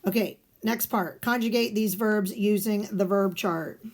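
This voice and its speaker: A woman's voice: mid-range voice, measured pace. A woman teaching a recorded lesson, explaining step by step and asking and answering her own questions. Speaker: Spanish teacher. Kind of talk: recorded video lesson walking through guided notes.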